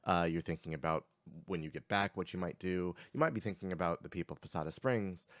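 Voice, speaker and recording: Low-voiced man narrating as game master. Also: fairly bright tone, dry recording, studio quality. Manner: halting, many fillers and restarts.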